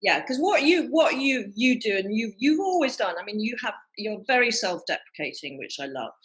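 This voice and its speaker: Brief: female podcast host, candid and laughing, very lively pitch. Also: moderate pace, rough recording. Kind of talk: casual chat.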